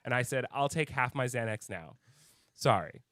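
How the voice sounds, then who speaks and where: Man, podcast co-host, heated, swears a lot, mid-pitched voice, dry close recording. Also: expressive, normal speed, fairly bright tone, dry recording. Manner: heated, swears often, bursts of anger. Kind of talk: casual chat.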